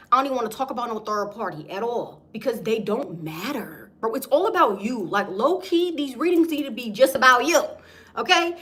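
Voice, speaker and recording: Young woman tarot reader, casual and emphatic, slangy delivery, slightly high pitch. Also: a bit bright. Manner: slangy, emphatic, keeps asking "okay?". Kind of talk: casual tarot reading to viewers.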